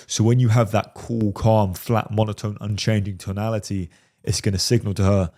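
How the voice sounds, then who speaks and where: A man's voice: fairly low pitch, fairly even intonation, normal speed, a little mellow. A man commenting on a film clip as a dating coach, emphatic and repeatedly checking in with "right?". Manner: emphatic, keeps asking "right?".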